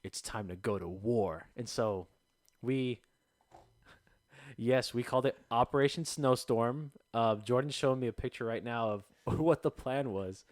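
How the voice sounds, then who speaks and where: A young man hosting a podcast, telling stories in an animated way with laughter. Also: mid-range voice, a little slow. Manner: animated, laughing, acts out voices. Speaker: podcast host. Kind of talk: casual storytelling chat.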